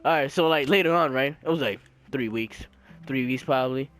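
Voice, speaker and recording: A young man telling a story in casual chat, slangy and profane, animated and laughing, acting out the people he quotes. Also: medium pitch, brisk. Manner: slangy, profane, repeats filler "right?".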